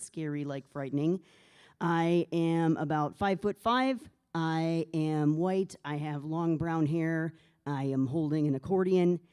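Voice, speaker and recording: A man's voice: fairly high pitch, darkish tone, clear, resonant tone. A man, a musician, introducing himself and his set from a stage in an earnest, plain-spoken way. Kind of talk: spoken introduction before a performance. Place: stage at a live literary music event.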